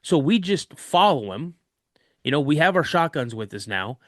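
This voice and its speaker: A man's voice: fairly high pitch, very animated, normal speed, no room sound, clean studio sound. A man, a podcast guest, vividly recounting a frightening personal story. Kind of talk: recounting a scary true story.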